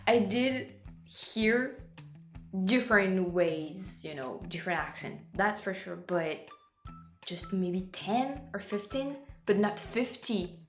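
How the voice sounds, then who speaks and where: A woman's voice: mid-range voice, expressive, slow pace. A French woman, a native French speaker, hosting a casual reaction video and talking in English, hesitating and repeating words as she hunts for them. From France. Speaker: video host reacting to clips. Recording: roomy echo with faint background music.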